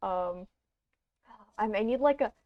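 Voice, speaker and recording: A woman's voice: mid-range voice, slow pace. A Canadian woman streaming a game, chatting casually in a rambling, self-deprecating way with lots of fillers. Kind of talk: casual let's-play chat. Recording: dull lo-fi stream audio.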